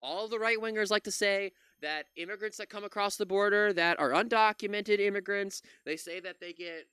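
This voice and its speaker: A man rants in angry reaction commentary, swearing freely and sounding exasperated. His pitch swings widely as he talks, and his voice stays smooth and clear throughout. The sound is dry and close. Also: big pitch swings, normal speed, few pauses, no room sound. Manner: profane, exasperated ranting. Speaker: commentary channel host.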